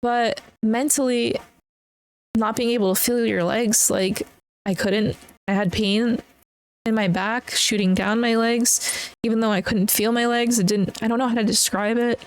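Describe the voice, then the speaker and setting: A woman speaking at an ordinary, mid-range pitch hosts her own podcast. She talks openly in a halting, emotional way. Her monologue is full of pauses, fillers and blunt swearing. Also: clear, resonant tone, rough recording. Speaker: podcast host. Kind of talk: candid personal podcast monologue.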